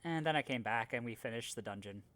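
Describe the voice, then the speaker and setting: A man in easygoing conversation, rambling through loose stories from a game night at a steady middle pitch. He talks over a video call, and his voice sits in the plain middle of the range. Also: fast talker. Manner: rambling storyteller, animated and loose. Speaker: podcast co-host. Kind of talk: casual chat.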